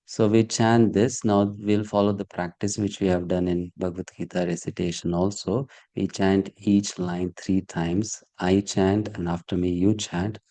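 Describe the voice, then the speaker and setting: Low-pitched and dark-toned, this Sanskrit teacher speaks in a level voice at normal speed with few pauses during an online video-call class on verses. He is patient, often checking understanding with "hmm?" and "okay?"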